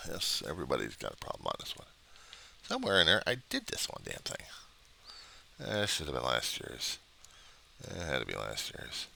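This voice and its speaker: A man's voice: rumbling low, wildly swooping pitch, normal speed, gravelly, long pauses, bright, forceful tone. A man rambling and grumbling to himself at his home computer in a video diary, recorded on a webcam. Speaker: diary vlogger.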